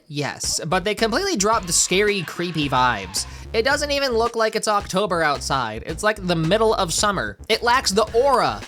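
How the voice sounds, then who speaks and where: A woman's voice: mid-range voice, fairly bright tone. A woman hosting a commentary video, talking casually with wry, sarcastic asides.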